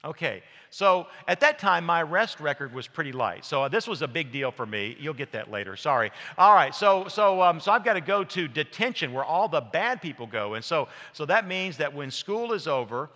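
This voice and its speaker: A man's voice: on the high side, sing-song, normal speed, hardly any pauses, sharp tone, long reverb tail. A man preaching a sermon in a church, folksy and anecdotal, with frequent fillers and restarts. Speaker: pastor. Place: church sanctuary.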